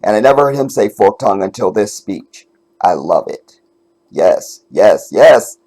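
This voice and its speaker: A man's voice: lowish voice, animated, moderate pace, a little mellow. Profane, emphatic man reacting to clips. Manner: emphatic, profane, talks straight to viewers. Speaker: commentator host. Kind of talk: casual reaction commentary.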